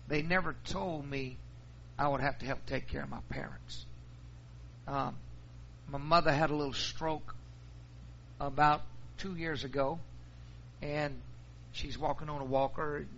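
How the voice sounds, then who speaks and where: Brief: middle-aged pastor, gravelly fry, slightly higher voice, muffled recording. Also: male voice, pushed and bright, a little hiss or hum. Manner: folksy storytelling. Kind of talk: sermon.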